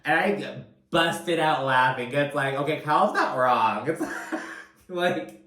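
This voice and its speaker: A man's voice: a little high, animated, slow, sharp tone, reverberant. A young man hosting a casual reality TV recap, rambling with lots of fillers and frequent swearing. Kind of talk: casual profane commentary.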